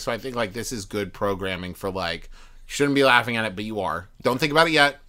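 A man in his thirties chatting as a podcast guest, animated and acting out quoted reactions. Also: lowish voice, brisk. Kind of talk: casual chat.

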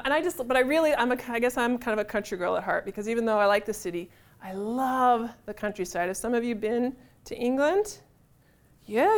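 Chatty middle-aged woman author. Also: a little high. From United States. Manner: chatty, animated, self-deprecating humor. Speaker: author giving a talk. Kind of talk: informal talk to an audience. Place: room with a live audience.

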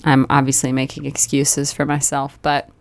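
A woman in casual conversation, telling a story about her child with lively, self-critical storytelling. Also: a bass voice, normal speed. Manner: animated storytelling, acts out voices. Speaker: parent sharing a story. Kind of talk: casual chat.

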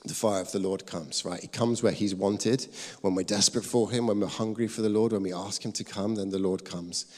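A man preaching a sermon, telling a personal story, lively when acting out scenes and soft when quoting. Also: lowish voice, a little fast. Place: church hall. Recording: long reverb of a church hall.

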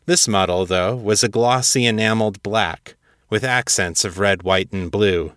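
Man reading a story aloud, lowish voice, dry close mic, measured. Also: fairly bright tone, no room sound. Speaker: podcast fiction narrator. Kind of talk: scripted narration.

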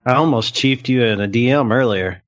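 A man's voice: mid-range voice, fairly quick, no echo. Joking male co-host, muffled sound. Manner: joking, laughing. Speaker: podcast co-host. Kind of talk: casual chat.

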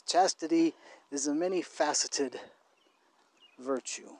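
Gravelly-voiced man co-hosting a podcast. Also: fairly high pitch, darkish tone, dry recording. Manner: thoughtful, halting, often restarts phrases. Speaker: podcast co-host. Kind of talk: casual conversational podcast.

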